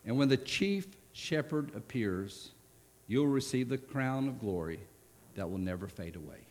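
A man preaching a sermon, stressing words hard and then dropping to a soft voice for key points. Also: mid-range voice, animated, measured pace. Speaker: pastor.

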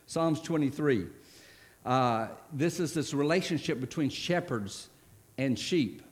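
A man's voice: mid-range voice, slow pace. A man preaching a sermon in a church, talking in a conversational way and often restarting his phrases. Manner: conversational, with frequent restarts and asides.

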